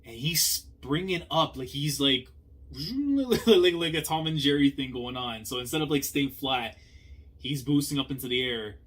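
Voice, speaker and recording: A young man talks through a manga chapter in casual slang. He drops to low mutters, then breaks into loud, excited outbursts. His voice sits at an ordinary middle pitch for a man. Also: unhurried. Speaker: manga reaction host. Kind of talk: casual reaction commentary.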